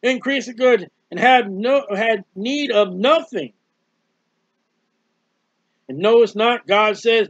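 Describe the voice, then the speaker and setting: Man preaching hard, high voice, mocking, kinda dull lo-fi sound. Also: slow, long pauses, fairly bright tone, dry recording. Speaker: street preacher. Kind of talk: fiery sermon. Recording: dull, dry lo-fi recording.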